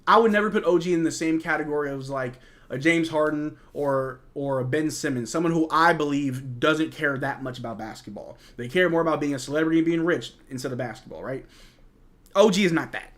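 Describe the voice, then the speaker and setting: A man's voice: on the high side, brisk, fairly bright tone. A young man hosting a casual live watch-along of a basketball game, calling plays, answering chat and trash-talking players. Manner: chatty, reads and answers chat, jokes and trash talk. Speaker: host of a fan live stream.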